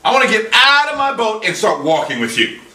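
Man preacher, bright lively sermon delivery, recorded far off in an echoey room. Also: high voice, fairly quick. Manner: animated, quoting scripture in dramatic voices.

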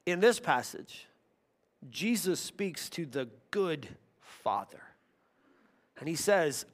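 Man, high voice, pastor, sermon, earnest storytelling, moves between loud passages and hushed ones. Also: lively intonation, a little slow.

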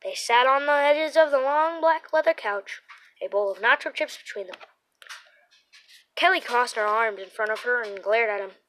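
A woman's voice: a little high, lively intonation, moderate pace, a bit bright, low-quality recording. A woman narrating a children's story aloud, reading it through with small restarts and repeated words. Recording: faint background noise.

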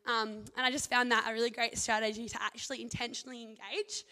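A young woman, giving a casual devotional talk as a Christian university student, enthusiastic and animated in quick bursts. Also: a little high.

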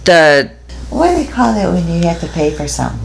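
A middle-aged woman co-hosting a podcast, telling a story with animated acted-out dialogue and lots of swearing. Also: on the low side, a little fast, creaky, heavy background noise. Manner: animated, laughing storyteller who acts out dialogue and swears freely. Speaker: podcast co-host. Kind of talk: casual storytelling chat.

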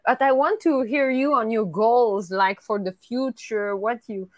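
A woman's voice: on the high side, unhurried, no room sound. A woman interviewer asking questions and giving brief encouraging reactions. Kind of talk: casual interview.

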